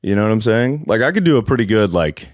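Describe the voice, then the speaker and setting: A man's voice: fairly low pitch, big pitch swings, quick pace, no echo, clean studio sound. A man co-hosting a comedy podcast, talking in a rambling, profane way and going off on tangents. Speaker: podcast co-host. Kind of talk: casual comedy podcast chat.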